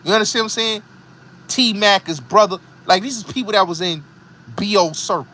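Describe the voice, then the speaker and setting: In a brisk, high-pitched voice with a sharp edge and a slight hiss or hum, a middle-aged host from the Bronx rants through a commentary monologue. His New York accent comes through as he speaks in a heated, emphatic, repetitive way.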